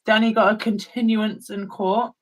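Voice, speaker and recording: A woman guest from the UK chatting thoughtfully and softly while painting on a stream. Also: mid-range voice, level tone, normal speed, rough recording. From United Kingdom. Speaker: guest artist. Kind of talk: casual chat while painting.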